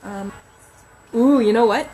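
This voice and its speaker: A woman's voice: a little high, takes it slowly, mellow, slight background noise, low-quality recording. A woman novelist chatting on a casual livestream from home, rambling and reading names aloud as she thinks.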